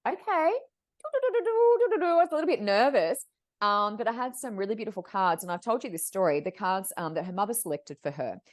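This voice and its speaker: A woman guest, a psychic medium, telling stories in a lively conversational way, acting out quoted voices in quick bursts. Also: mid-range voice. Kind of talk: animated storytelling in conversation.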